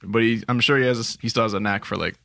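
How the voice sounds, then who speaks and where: A man's voice: lowish voice, fairly even intonation, fast, vocal fry, sharp tone, no echo, clean studio sound. A man hosting a podcast, chatting casually, brash and swearing a lot as he fires questions. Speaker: podcast host. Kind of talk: casual chat.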